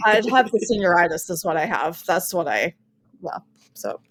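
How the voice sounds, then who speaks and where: Middle-aged band mom joking about herself, casual podcast talk. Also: female voice, on the low side, very animated, moderate pace, no room sound. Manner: warm-humored, self-deprecating. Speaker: band parent and podcast guest.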